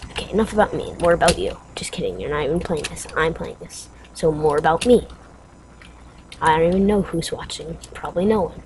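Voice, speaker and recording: A woman's voice: low-pitched, animated, brisk, noisy background. A woman giving let's play commentary, rambling and mocking herself, with sudden yelps and screams. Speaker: game player.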